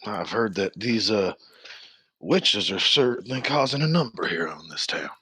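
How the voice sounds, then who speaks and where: A man voicing a gruff male mercenary recruiter and gambler who talks in a folksy drawl, low and hushed. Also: expressive, moderate pace, no echo, full character voice. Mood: wary.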